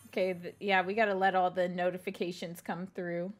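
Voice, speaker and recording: A woman's voice: lowish voice, fairly even intonation, moderate pace, few pauses. A young woman streaming a horror game live, scared and jumpy, whispering and then exclaiming as she plays and thanks her viewers.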